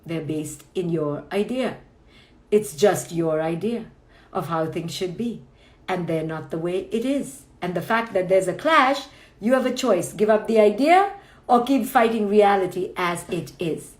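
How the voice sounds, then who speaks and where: On a book club livestream, a female clinical psychologist gives a playful, emphatic motivational talk, acting out people's inner thoughts. Her medium-pitched voice has lively intonation and a measured pace, and the audio is reverberant.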